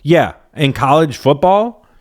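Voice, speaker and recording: A man's voice: a little high, sing-song, takes it slowly, darkish tone. A young man co-hosting a comedy podcast, chatting casually in a blunt, profane, joking way. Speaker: podcast co-host.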